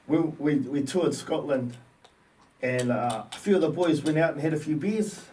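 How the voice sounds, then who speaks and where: A New Zealand man in his fifties, a former rugby player, telling stories as a guest in a relaxed, slangy way. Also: fairly high pitch, moderate pace. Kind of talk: casual storytelling. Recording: distant mic with faint background noise.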